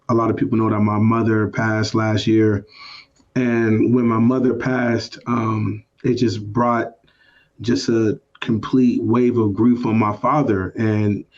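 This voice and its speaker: Podcast co-host, male, mid-pitch voice, slightly dull sound, reflective storytelling. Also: darkish tone. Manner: reflective, many "you know" fillers. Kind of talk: personal storytelling.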